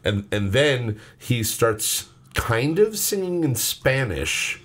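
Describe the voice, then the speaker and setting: A man's voice: mid-range voice, very animated, slow, fairly bright tone. A man hosting a casual podcast, rambling and swearing as he tells stories. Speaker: podcast host. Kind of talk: casual chat.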